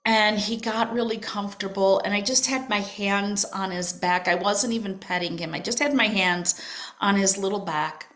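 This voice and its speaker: An older woman hosting a podcast, telling a personal spiritual story in a soft, emotional way that drifts into whispers. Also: mid-range voice, steady tone, normal speed. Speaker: podcast host.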